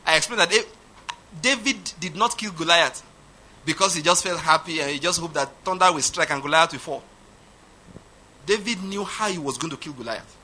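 A man's voice: a little high, animated, moderate pace, bright, forceful tone. A man preaching an emphatic sermon, repeating his points. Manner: emphatic, repetitive, laughs at his own points. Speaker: pastor.

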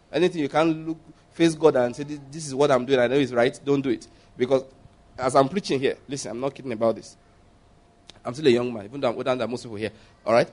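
A middle-aged Nigerian man preaching at a Bible study, chatty and lively, with laughing asides. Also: medium pitch. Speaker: pastor.

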